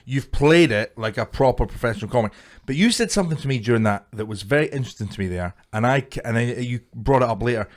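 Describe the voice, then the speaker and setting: A man's voice: medium pitch, lively intonation, fast. A young man co-hosting a podcast, chatting casually with plenty of swearing. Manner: sweary, backs the other host up with lots of yeahs. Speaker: podcast co-host. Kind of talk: casual chat.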